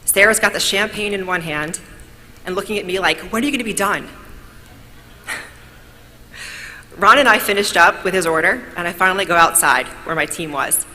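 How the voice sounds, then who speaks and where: A woman's voice: lowish voice, normal speed, sharp tone. A woman from New York giving an upbeat, grateful speech at an awards event and telling a story along the way. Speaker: award speaker. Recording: long hall reverb, faint noise.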